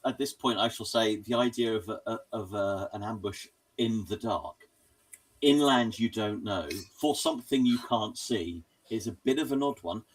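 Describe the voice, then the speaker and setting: A man narrating as game master of a tabletop game, hesitant and full of pauses and restarts. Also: fairly low pitch, far from the mic.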